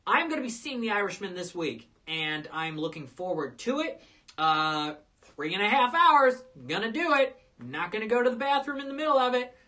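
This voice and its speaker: A woman's voice: mid-range voice, very animated, moderate pace, sharp tone. A woman hosting a live show as a film critic, giving casual, opinionated movie reviews with frequent uhs and restarts.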